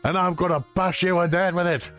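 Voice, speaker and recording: A pompous, hot-tempered game inspector, put on by a man who barks accusations in a raised, strained voice. He sneers and jabs at his suspect, quick and cutting. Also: high voice, steady tone, fairly bright tone, soft background music, voice pushed up. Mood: accusing. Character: bullying middle-aged male police inspector.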